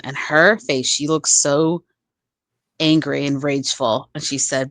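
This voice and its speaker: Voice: mid-range voice, level tone, unhurried, fairly bright tone, no room sound. A podcast co-host in casual conversation, retelling a TV scene by quoting its lines. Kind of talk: casual TV review chat.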